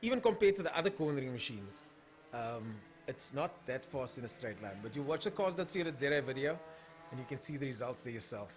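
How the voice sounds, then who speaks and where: Music runs in the background as a young man with a South African accent calls drag races on a laid-back live stream and talks through viewer comments. His voice is mid-range and sing-song, a little fast.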